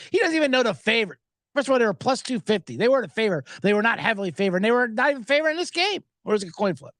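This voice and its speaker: A man's voice: very high-pitched, very animated, very fast, a bit bright, no room sound, clean studio sound. A man hosting a sports betting podcast, riffing sarcastically and profanely while reading viewer comments aloud.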